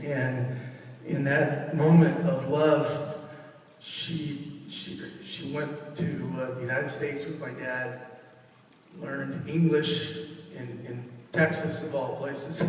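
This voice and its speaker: A middle-aged man giving a funeral eulogy for his mother, halting and emotional, searching for words as he tells warm stories. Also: a little high, steady tone, a little hiss or hum. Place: funeral service hall. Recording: echoey hall, far from mic.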